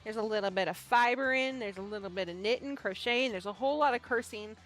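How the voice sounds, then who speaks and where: A woman from the Pacific Northwest hosting a casual livestream for a small yarn shop, animated, swearing freely and often restarting her sentences. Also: on the high side, quick pace, faint music behind. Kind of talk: casual livestream chat with a staged phone-call skit.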